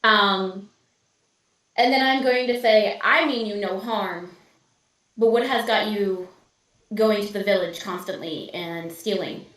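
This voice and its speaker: A woman's voice: mid-range voice, takes it slowly, a bit bright, reverberant, distant mic, poor audio. A woman playing a tabletop game, speaking earnestly and formally in character. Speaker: player.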